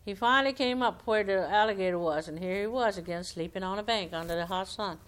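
Woman storyteller, folksy animal tales, clear voice. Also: medium pitch, fast talker. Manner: homespun, conversational, animated quotes. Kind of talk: oral folktale telling.

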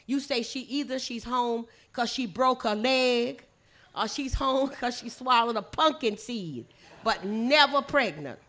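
An older woman from the Gullah coast with a Lowcountry Gullah accent, teaching her language to an audience and drawing out words for emphasis. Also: lively intonation, measured pace, a bit bright. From Gullah coast of the southeastern US. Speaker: language and culture presenter.

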